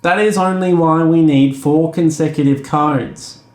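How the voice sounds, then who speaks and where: A man's voice: on the high side, steady tone, a little slow, echoey room, close to an everyday voice. A man doing a chirpy unhelpful support agent. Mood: cheerfully unhelpful.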